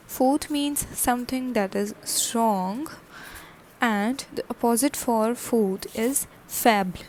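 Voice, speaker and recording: Woman teacher, slow and patient, slightly high voice, spells words aloud; faint background hiss. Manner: repeats words and spells them out letter by letter, keeps checking with "okay?". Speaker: French teacher. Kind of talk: slow explanatory language lesson.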